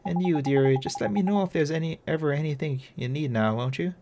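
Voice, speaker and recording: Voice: medium pitch, fairly quick, background noise, lightly acted. A player doing a fussy, doting old lady. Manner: fond, fussing. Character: fussy kindly older woman, doting cat owner.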